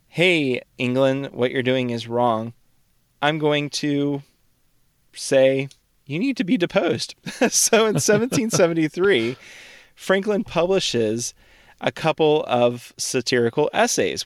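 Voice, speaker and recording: A man co-hosting a history podcast, telling events in a relaxed, chatty way. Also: a little high, no echo, studio quality. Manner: relaxed storytelling, quotes figures in casual speech. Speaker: podcast co-host. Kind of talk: casual history chat.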